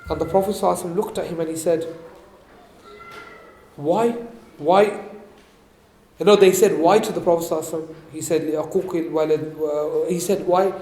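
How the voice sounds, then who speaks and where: A man giving a religious talk, explaining points and asking his listeners questions, reciting Arabic quickly before translating it. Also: a little high, fairly even intonation, warm tone, roomy sound. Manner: explains and asks the audience questions. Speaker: religious teacher. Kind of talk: sermon. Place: event hall.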